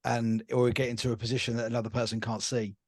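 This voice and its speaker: A man's voice: medium pitch, little pitch movement, fast talker, dry recording, clean studio sound. An easygoing, enthusiastic man from England, a guest on a casual sports podcast.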